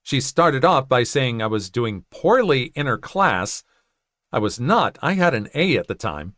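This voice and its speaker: A man's voice: mid-range voice, animated, a little slow, a bit bright, no echo, clean studio sound. A man narrating a first-person story in a conversational way, with joking asides.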